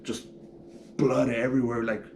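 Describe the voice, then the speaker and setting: A man's voice: medium pitch, little pitch movement, moderate pace, a little mellow, slight background noise. A young man telling a prison story casually, acting out punches sound effects and swearing freely.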